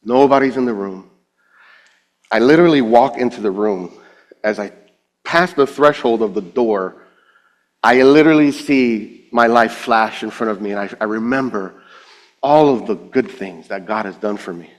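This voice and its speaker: A man's voice: on the low side, normal speed, long reverb tail. A man giving an emotional personal testimony on stage, acting out the dialogue he quotes. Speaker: speaker at a finance event.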